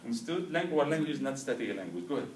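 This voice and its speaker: A man's voice: medium pitch, sing-song, rapid-fire, a little hiss or hum. Man teaching a class from afar. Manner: checks with "right?" and "understood?", has students repeat. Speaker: language teacher. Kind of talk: classroom lecture with drills. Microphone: far camera. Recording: roomy, distant classroom recording.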